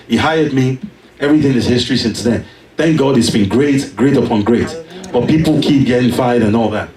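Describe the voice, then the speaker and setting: A man preaching a sermon, telling a personal story with animated delivery and emphatic peaks. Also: medium pitch, a little fast, reverberant, recorded from a distance, rough recording. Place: church.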